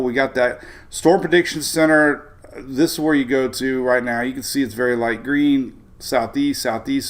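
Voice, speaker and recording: Male weather-stream host, gravelly, rambling and chuckly, mid-range pitch. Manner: rambling, chuckling, self-interrupting. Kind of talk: casual live-stream weather talk.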